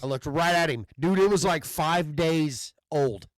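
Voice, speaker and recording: A man tells a long story in a casual chat, swearing freely and stammering through restarts. His voice sits a little high, and the sound is dry and close with no room around it. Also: a little slow, no room sound. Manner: rambling storyteller with loose profanity and stammered restarts. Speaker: podcast host.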